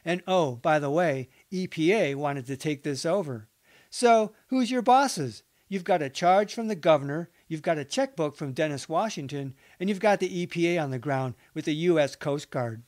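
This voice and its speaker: A man narrating a nonfiction account, reading interview quotes in an even, measured way. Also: on the high side. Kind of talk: documentary book narration.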